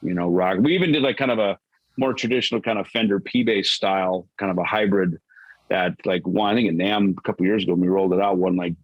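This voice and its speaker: A middle-aged man talks casually as a podcast guest, rambling from one thought to the next and laughing easily. His voice sits low and sounds close and dry. He drops "dude" and "man" throughout. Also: fast, dry recording, lo-fi sound. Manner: loose, rambling, laughs often, says dude. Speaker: guest musician.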